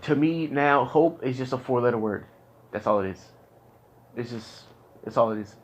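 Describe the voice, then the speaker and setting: A young man in the middle of a candid conversation. He talks at an ordinary middle pitch, frustrated and rambling, circling back over his words with halting restarts. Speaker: client in therapy. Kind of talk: candid casual talk.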